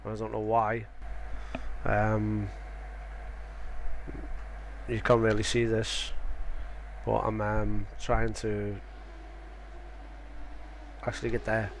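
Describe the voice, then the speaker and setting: A young Australian man chats casually on a live stream about a sim race, rambling and cutting himself off mid-sentence. His fairly low voice is completely flat and slow, with long pauses. Slight background noise can be heard.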